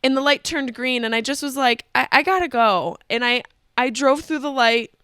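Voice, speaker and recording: Woman host, higher-pitched, crisp and bright, comic storyteller who interrupts herself. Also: moderate pace, dry recording, studio quality. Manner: profane, animated, self-interrupting. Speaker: podcast host. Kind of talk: comedic storytelling monologue.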